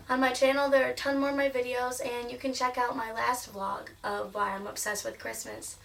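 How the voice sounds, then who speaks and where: A young woman vlogging, retelling a sitcom episode in a bubbly, animated way, her voice sounding sick. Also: on the high side, brisk, creaky, hardly any pauses, far from the mic. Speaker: vlogger and singer. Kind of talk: casual vlog storytelling.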